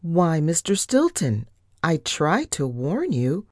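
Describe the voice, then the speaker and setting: A woman's voice: mid-range voice, sing-song, unhurried, warm tone, no room sound, studio quality, pitched above the performer's own voice. A woman reading as a sly mouse secretary. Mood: smug. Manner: smooth, smug. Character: smooth sly grown female mouse secretary.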